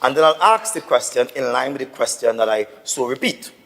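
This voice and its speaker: A man's voice: mid-range voice, expressive, fairly quick, creaky, fairly bright tone. Indignant Trinbagonian assemblyman in a reverberant chamber. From Tobago. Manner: indignant, insistent, repetitive. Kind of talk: parliamentary debate.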